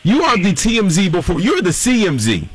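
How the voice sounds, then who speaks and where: A man's voice: sits high, wildly swooping pitch, fairly quick, slightly rough, dry recording, soft background music. A man hosting a radio show, talking in a playful and upbeat way. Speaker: radio host.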